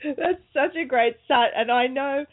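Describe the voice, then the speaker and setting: A woman's voice: high voice, unhurried. A woman hosting an interview, asking long questions and praising her guest. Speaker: host. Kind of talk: casual interview chat. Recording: tinny phone line.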